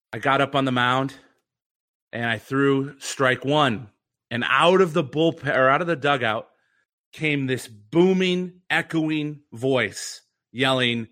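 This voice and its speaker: A man's voice: mid-range voice, measured pace, sharp tone. A young man telling an earnest, reflective story as a podcast guest. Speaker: guest, former pitcher and mental conditioning coach.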